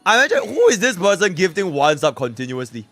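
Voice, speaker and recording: Excitable young male streamer, lively pitch. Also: fast talker, soft background music. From Singapore. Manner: excitable, swings from mumbling to shouting. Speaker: livestreamer. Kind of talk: casual live stream chat.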